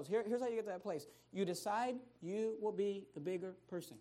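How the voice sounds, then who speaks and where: Male pastor, middle-aged, chatty sermon storyteller who builds to shouted emphasis. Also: high-pitched, fast talker, few pauses. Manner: conversational storytelling, building to loud emphatic peaks.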